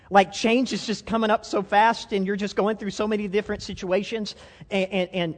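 A man preaching a conversational sermon, self-deprecating and full of restarts, to a congregation. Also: sits high. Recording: long reverb of a hall.

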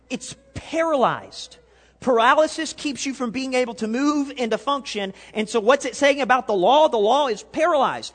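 A male pastor preaching a sermon, animated, swinging between loud and quiet and asking the congregation questions. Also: extremely high pitch. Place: church sanctuary. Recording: long hall reverb.

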